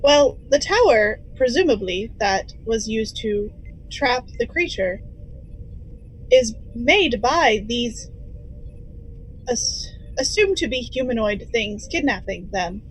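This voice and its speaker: A woman playing an earnest golden android officer in a tabletop game, halting and thinking aloud. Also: on the high side, animated, slight background noise, rough recording. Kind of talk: tabletop role-play in character.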